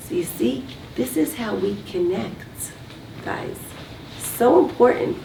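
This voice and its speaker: A woman leads a communication workshop, teaching a live group and having them call out answers. Her warm, medium-pitched voice carries vocal fry at a measured pace. The recording is echoey, distant, and has faint background noise.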